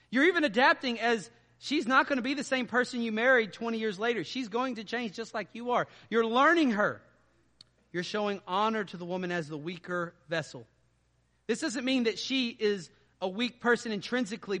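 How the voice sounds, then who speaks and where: A man preaching a sermon in a conversational way, dropping to quiet asides and rising to loud emphatic stretches. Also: sits high, in a large hall. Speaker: pastor.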